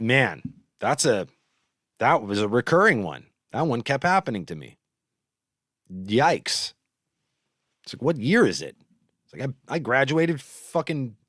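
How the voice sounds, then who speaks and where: A man's voice: mid-range voice, fairly bright tone, no room sound, studio quality. A man in his thirties chatting casually on a live stream, swearing freely and rambling. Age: 30s. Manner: profane, blurts out then apologizes rambling.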